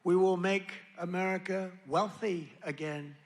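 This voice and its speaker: A man with a high voice talks a little slowly, his intonation fairly even. Standing at a podium microphone in a big rally venue, he gives a political speech that is boastful, rambling and repetitive.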